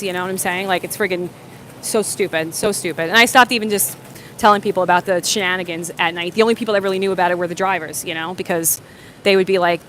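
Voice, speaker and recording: A woman's voice: on the low side, fast talker, fairly bright tone, a little hiss or hum. A woman hosts a casual livestream, answering viewer comments and telling rambling stories full of fillers and restarts. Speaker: livestream host.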